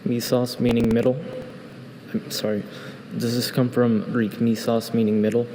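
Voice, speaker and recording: Male speller, monotone, dark tone, careful, reverb, faint air conditioning. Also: medium pitch, moderate pace, slight background noise. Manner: flat, careful, asks about word roots. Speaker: spelling bee contestant.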